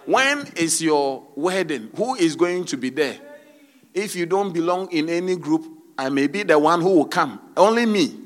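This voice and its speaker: A man's voice: fairly high pitch, animated, normal speed, a bit bright. A man preaching a sermon as a pastor, peppering his teaching with hallelujahs and rhetorical questions to the congregation.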